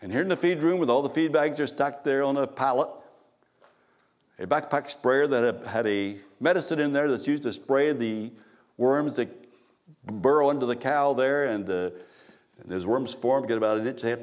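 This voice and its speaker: Male pastor preaching a story-driven sermon in church, halting restarts, emphatic repetition. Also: medium pitch. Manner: storytelling, repeats phrases for emphasis, frequent restarts.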